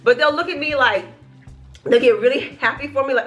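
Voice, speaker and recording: A young pregnant woman rants to her camera in a casual vlog, animated and often laughing. Her voice sits a little high, and faint music plays underneath. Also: normal speed. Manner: animated, laughing, acting out what people say. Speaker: vlogger.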